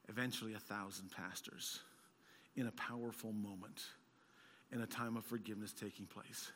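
A man preaching a sermon as a pastor, telling stories and rising to loud, emphatic peaks. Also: mid-range voice, moderate pace, long reverb tail, slight background noise.

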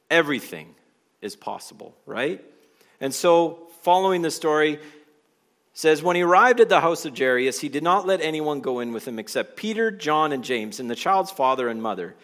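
A man preaching a sermon to a congregation in a church, conversational and animated, asking the room questions as he goes. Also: on the high side.

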